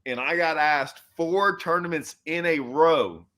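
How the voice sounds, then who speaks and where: A man hosting a laid-back chat, with a sharp, forceful voice pitched a bit high. He jokes loosely and retells his own side of the story in quoted lines. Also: measured pace. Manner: loose, joking, quotes himself in stories. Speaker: host and pro angler. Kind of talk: casual chat.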